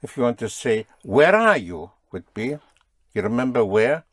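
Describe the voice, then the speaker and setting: A man's voice: medium pitch, sing-song, normal speed, no room sound. A man teaching a spoken language lesson, patiently drilling and correcting his students.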